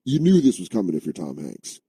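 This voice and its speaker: Dark husky comedy podcast host. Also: male voice, low-pitched, wildly swooping pitch, a little fast. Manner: riffing, doing silly mock voices. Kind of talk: casual comedy chat.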